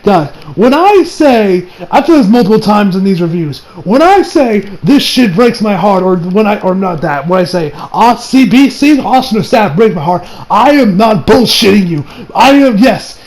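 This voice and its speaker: A man giving a casual video review, excitable and rambling, full of slang and laughter. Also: sits high, normal speed, hardly any pauses, low-quality recording. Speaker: anime reviewer.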